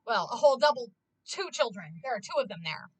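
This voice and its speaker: High, lively-voiced woman ranting while streaming. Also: fairly quick, husky, low-quality recording. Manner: animated, profane ranting. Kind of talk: casual live-stream commentary.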